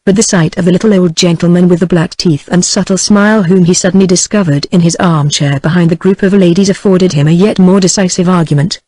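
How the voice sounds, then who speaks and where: A text-to-speech woman's voice with a British accent, reading a classic novel in an even, measured way. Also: lowish voice, no echo. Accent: British English. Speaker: audiobook narrator. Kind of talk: synthetic audiobook narration.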